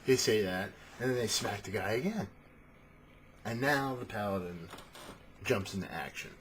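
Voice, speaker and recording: A man with a lowish voice rambles through a casual monologue about tabletop gaming. He swears freely and is animated. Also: normal speed, a little hiss or hum. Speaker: tabletop game talker.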